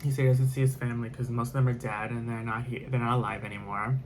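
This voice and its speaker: Male storyteller, mid-pitched, casual rambling delivery with constant fillers. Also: flat delivery, fast, noisy background. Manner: rambling, heavy on fillers and restarts.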